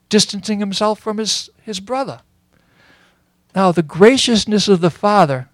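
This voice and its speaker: A man giving a sermon as a Bible teacher, earnest and explanatory, pausing often with fillers. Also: high-pitched, lively intonation, no room sound.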